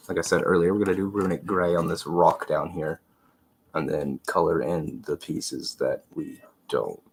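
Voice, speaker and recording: Deep and a little breathy, this congested male voice belongs to a livestream host painting miniatures. His casual commentary rambles, trailing off into mutters as he works.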